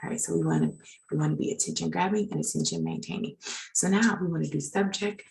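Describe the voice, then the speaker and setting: Gravelly low-voiced woman instructor. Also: fairly even intonation, quick pace, a little mellow, low-quality recording. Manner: chatty, self-deprecating asides while editing slides. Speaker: legal writing instructor. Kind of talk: informal recorded lecture.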